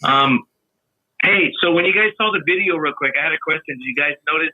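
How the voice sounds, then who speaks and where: A man chatting casually as a podcast guest, relaxed and storytelling, often trailing off mid-sentence. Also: a little high, fairly quick, dry recording. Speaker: guest videographer. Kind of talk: casual chat. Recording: tinny phone-like line.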